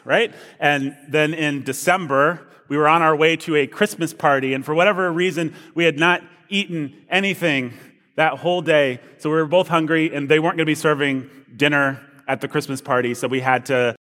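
A male pastor giving a sermon, spinning a humorous story with easy, self-deprecating asides. His pitch sits mid-range. The sound carries a long reverb from a big church room. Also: a bit bright.

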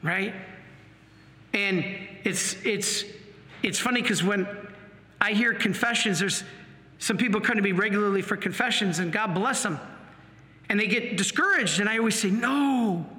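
Male priest, high bright tone, earnest sermon, reverberant church hall. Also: moderate pace, long pauses. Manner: earnest, animated preaching.

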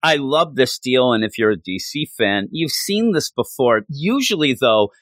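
A man's voice: medium pitch, big pitch swings, moderate pace, a bit bright, dry recording. A man co-hosting a casual chat, talking with enthusiastic rambling and acting out lines from the story. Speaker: comic book podcast co-host.

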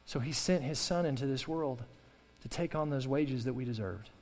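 Impassioned preacher in a reverberant hall. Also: male voice, medium pitch, normal speed, darkish tone. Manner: impassioned preaching with repetition and call-and-response. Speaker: pastor. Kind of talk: sermon.

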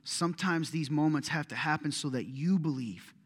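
A man's voice: a little high, normal speed, slightly rough. A middle-aged man preaching a sermon as a pastor, conversational and impassioned, acting out prayers and complaints aloud.

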